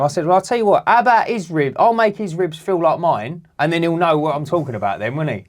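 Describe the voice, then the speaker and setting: Man, podcast co-host, animated sweary storyteller. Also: a little high, fast. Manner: animated, swearing, acts out other people's voices. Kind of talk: casual storytelling.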